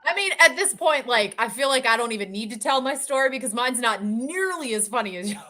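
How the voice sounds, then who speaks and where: A woman's voice: high-pitched, lively intonation, bright, forceful tone. A woman co-hosting a podcast, talking in a casual and bubbly way. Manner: bubbly, quick to react. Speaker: podcast co-host. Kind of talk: casual chat.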